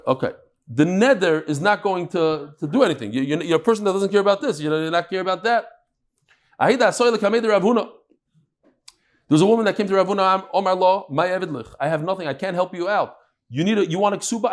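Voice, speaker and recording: Male Talmud teacher, high voice, animated classroom delivery that mixes in Aramaic terms. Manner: lively, mixes Hebrew-Aramaic terms into English, jokes with listeners.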